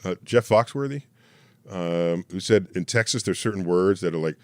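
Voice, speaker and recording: A man hosting a podcast in casual banter, playful and quick to laugh. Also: low-pitched, no room sound. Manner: animated, laughs easily, playful. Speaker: host.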